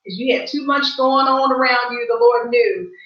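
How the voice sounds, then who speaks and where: A woman's voice: sits high, fairly even intonation, moderate pace. A woman hosting an online talk show, emphatic and devout, exclaiming often. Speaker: host. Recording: roomy, distant, lo-fi call audio.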